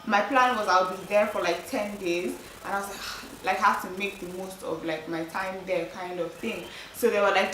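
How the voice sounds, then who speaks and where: A woman's voice: mid-range voice, a bit bright, a little hiss or hum. Young woman chatting to camera about her travels, lots of likes and ums, mic a bit far off in an echoey room. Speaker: travel vlogger. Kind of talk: casual chat to camera. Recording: roomy, distant mic with faint ambience.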